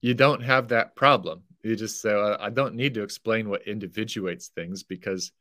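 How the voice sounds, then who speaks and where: A man's voice: on the low side, moderate pace, pushed and bright, no echo, clean studio sound. A man on a podcast as a guest, explaining philosophy carefully and correcting himself as he goes.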